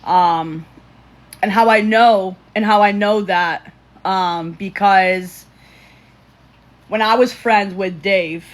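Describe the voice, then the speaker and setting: A young woman from Illinois, speaking slowly in a mid-range voice with frequent pauses, chats casually with her livestream viewers. Her story rambles, packed with fillers and restarts.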